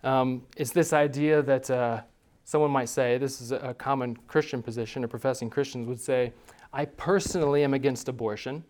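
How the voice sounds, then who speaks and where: A man's voice: medium pitch, steady tone, moderate pace, hardly any pauses, darkish tone. Man teaching a class, quizzing students. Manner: conversational, quizzes the class with questions.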